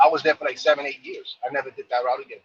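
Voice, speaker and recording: A man's voice: mid-range voice, level tone, racing, muffled recording. A man from New York casually telling a long, rambling story, full of fillers and repeated phrases.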